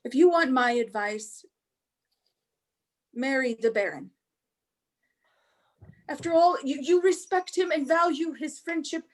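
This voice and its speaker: A woman reading the part of a gentle older sister, speaking softly and reassuringly. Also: high voice, a little slow, pauses often. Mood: earnest. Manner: soft, soothing, reassuring. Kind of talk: staged play reading.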